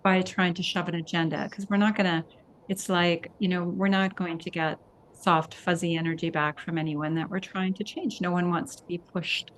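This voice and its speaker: An older woman hosting a podcast interview, speaking slowly and thoughtfully and often repeating words as she searches for them. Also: fairly low pitch, level tone, slight background noise. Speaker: podcast host.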